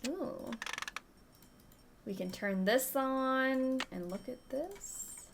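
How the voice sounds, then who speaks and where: A woman's voice: high-pitched, sing-song, drawn-out words, creaky, slight background noise. A woman hosting a video game let's-play, chatting casually, reading instructions aloud and giggling often. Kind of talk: casual gameplay commentary.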